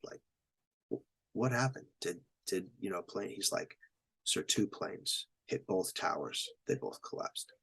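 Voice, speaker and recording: Low-pitched, unhurried and animated, his voice carries vocal fry, a slight brightness and a breathy edge. The middle-aged veteran is storytelling as a podcast guest, voicing quotes and sound effects and cursing freely.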